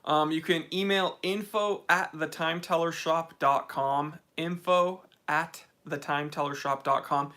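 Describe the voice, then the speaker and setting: A man's voice: a little high, steady tone, unhurried, few pauses, pushed and bright. An American man hosting a casual livestream Q&A from a home game room, reading and answering viewer comments. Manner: laid-back, reads viewer comments aloud. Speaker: host of a watch channel livestream Q&A.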